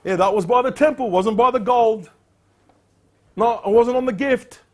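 High-voiced emphatic male preacher. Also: normal speed. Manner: emphatic, rising sharply on exhortations; reads scripture in a louder, declamatory voice. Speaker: pastor. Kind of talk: sermon with scripture reading.

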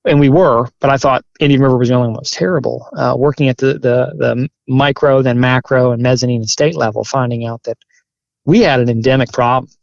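Gravelly earnest firefighter, man. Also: mid-range voice, steady tone, dry recording, highs cut off. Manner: earnest, halting restarts, grows forceful and emphatic. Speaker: firefighter and chaplain, interview guest. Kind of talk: candid interview storytelling.

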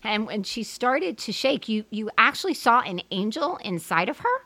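A woman hosting an interview, chatting in an animated way and laughing easily. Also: on the high side, moderate pace, no room sound. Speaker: host. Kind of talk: casual interview chat.

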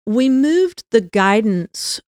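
A woman hosting a faith podcast, speaking in a relaxed, conversational way. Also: on the high side, slow, a little hiss or hum. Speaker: podcast host.

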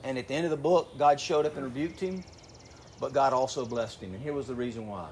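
A middle-aged man preaching a sermon in a conversational way, asking rhetorical questions and slowing down to read scripture. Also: mid-range voice, a little mellow, a little hiss or hum. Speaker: pastor. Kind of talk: sermon to graduating seniors.

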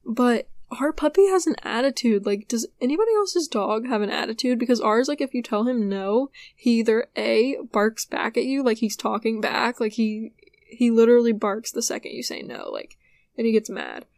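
A woman's voice: on the high side, moderate pace, darkish tone, dry recording. A sleepy young woman hosting a podcast, chatting casually and rambling about her day. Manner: chatty, rambling, yawning and apologizing. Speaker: podcast host. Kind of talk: casual solo podcast chat.

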